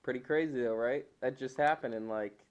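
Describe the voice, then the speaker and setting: A man co-hosting a casual comedy podcast, telling a story in an animated way and acting out the voices. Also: mid-range voice, fairly quick, smooth, highs cut off. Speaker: podcast co-host.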